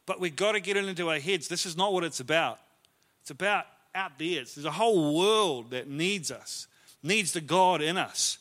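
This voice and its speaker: A man's voice: a little high, lively intonation, moderate pace, fairly bright tone. A man preaching a sermon in a church, telling stories in a conversational, self-deprecating way. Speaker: pastor.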